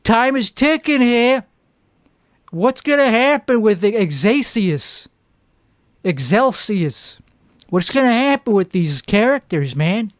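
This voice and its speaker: A man's voice: high-pitched, expressive, slow, dry recording, clean studio sound. A man playing a self-important, clueless would-be politician who hosts a comic monologue, rambling and boastful and stumbling over his restarts. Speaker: comedy show host. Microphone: two microphones.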